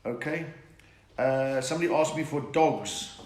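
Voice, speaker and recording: A man's voice: mid-range voice, unhurried, a little mellow. An older South African man, a comedian, telling jokes and reading viewer comments in a live chat from home. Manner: chatty, joke-telling, reads out viewer comments. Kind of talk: live-streamed stand-up chat. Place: home room during lockdown. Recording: echoey room.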